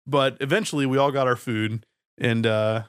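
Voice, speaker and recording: A man's voice: mid-range voice, fairly even intonation, moderate pace, smooth, dry recording. A man co-hosting a casual chat, recounting a story in a laid-back way. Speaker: podcast co-host.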